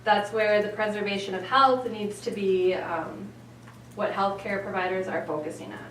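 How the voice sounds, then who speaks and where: A woman's voice: mid-range voice, moderate pace, slight background noise. Woman presenting, echoey distant room. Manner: steady, explaining with fillers. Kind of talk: explanatory presentation.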